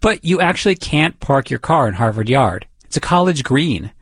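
A man's voice: mid-range voice, sing-song, normal speed, slightly rough, no echo, clean studio sound. A man from the Boston area, narrating a radio feature in a conversational, lightly wry tone. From Boston area, USA. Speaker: radio reporter and host.

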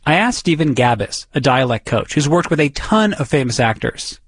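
A man's voice: mid-range voice, very animated, moderate pace, breathy edge, no echo. A man reporting a feature story and interviewing people in a curious, conversational way.

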